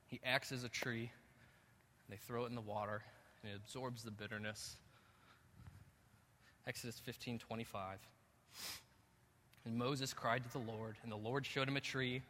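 A male pastor preaching a sermon in a church, moving between calm teaching and loud, emphatic passages. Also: mid-range voice, moderate pace, pauses often, slight background noise. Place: church sanctuary. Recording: echoey hall reverb.

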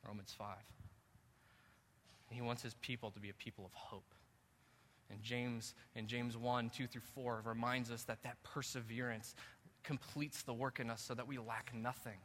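A male pastor preaching a sermon in a church, moving between calm teaching and loud, emphatic passages. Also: medium pitch, normal speed, a little hiss or hum. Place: church sanctuary. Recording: echoey hall reverb.

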